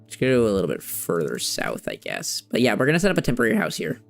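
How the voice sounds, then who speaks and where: A man's voice: mid-range voice, wildly swooping pitch, fast, vocal fry, faint music behind. A young man streaming a game, chatting casually and rambling, searching for words and using loose slang. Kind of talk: casual chat while playing a game.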